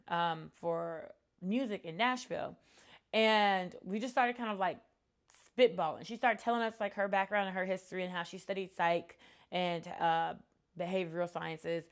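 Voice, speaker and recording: A woman in her thirties talks straight to camera about what she has learned running a business. Her delivery is earnest and reflective, loose and conversational, with frequent ums and restarts. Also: on the low side. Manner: earnest, reflective, many fillers. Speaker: entrepreneur vlogger. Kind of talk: casual talk to camera.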